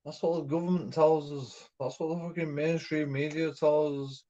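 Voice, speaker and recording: A man's voice: a little high, fairly even intonation, normal speed, mellow, a little hiss or hum. A man from England, ranting in a rambling, repetitive way and swearing constantly. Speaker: streamer. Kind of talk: profane ranting monologue. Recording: dull lo-fi recording.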